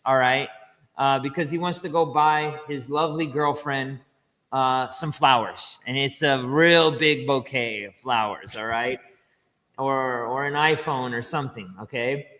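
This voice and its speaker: A man explaining banking step by step in casual livestream chat, chatty and quick to laugh. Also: fairly high pitch, bright, forceful tone, in a large hall. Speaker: finance educator guest.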